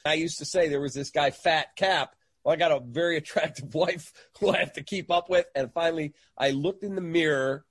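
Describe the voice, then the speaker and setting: A man's voice: a little high, a little fast, few pauses, husky, no room sound. A middle-aged man, a guest in an interview, telling a story and acting out the people in it. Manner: animated storyteller who acts out quoted voices.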